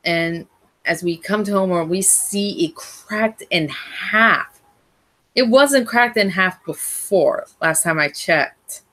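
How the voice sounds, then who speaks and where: Low-voiced woman rambling through a recap. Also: slow, fairly bright tone. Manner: rambling, with frequent restarts and self-corrections. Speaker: fan reviewer. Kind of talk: casual episode recap.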